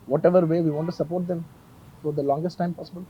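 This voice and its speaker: A man's voice: a little high, steady tone, quick pace, highs cut off, background noise. A man making an earnest, emotional statement at a press conference, repeating himself often. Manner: earnest, emotional, insistent with many repetitions. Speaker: film actor at a press conference.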